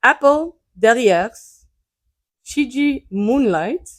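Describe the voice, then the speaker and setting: Slow-spoken woman podcast host. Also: fairly high pitch, animated. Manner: slow, deliberate reading, light laughter. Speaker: podcast co-host, quiz reader. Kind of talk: casual podcast chat, reading quiz questions.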